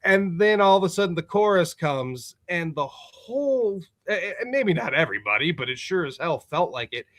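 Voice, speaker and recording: Guy musician guest on a podcast, kinda high voice, laughs a lot, cusses, rambles with lots of likes and uhs. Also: normal speed, few pauses. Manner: animated, laughing, swears freely, lots of fillers. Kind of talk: casual storytelling chat. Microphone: remote call setup.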